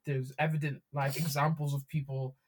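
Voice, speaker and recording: A young woman in casual podcast chat, teasing loudly and often laughing. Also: a bass voice, little pitch movement, normal speed, breathy edge. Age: young adult. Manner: loud, playful teasing with frequent laughter. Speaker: podcast co-host or guest.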